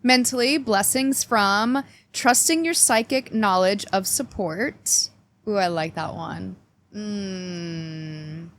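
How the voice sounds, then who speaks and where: Speaking slowly at a medium pitch with a fairly bright tone, a woman runs her channel's casual weekly astrology forecast. She works through oracle cards while bantering playfully and cheekily with her audience.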